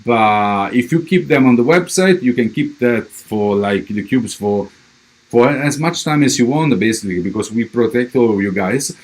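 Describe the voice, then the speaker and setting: A man's voice: medium pitch, moderate pace. A man with a strong Italian accent, a crypto project representative giving a livestream update and answering viewer questions, with many fillers and restarts.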